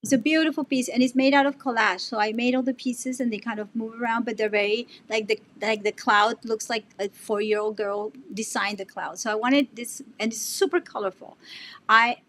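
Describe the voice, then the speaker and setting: A woman's voice: a little high, fairly even intonation, fairly quick, fairly bright tone. A woman guest artist in a casual remote interview, effusive and talking in bursts with restarts.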